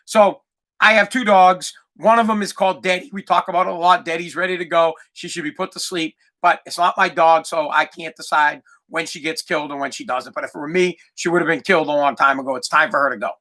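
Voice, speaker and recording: A man in his thirties hosting a podcast, ranting casually and with exasperation, sometimes yelling. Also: fairly high pitch, steady tone, fast. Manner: exasperated ranting, yells and imitates barking. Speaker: podcast host. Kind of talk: casual comedic rant.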